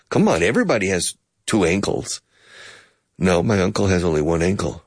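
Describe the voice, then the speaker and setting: Man, english teacher, low husky voice, dry close sound, plays both parts of a chat. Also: very animated, normal speed, no echo. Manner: acts out both sides of a conversation, switching pitch; explains phrases, mixing in Spanish. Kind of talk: playful self-dialogue English lesson.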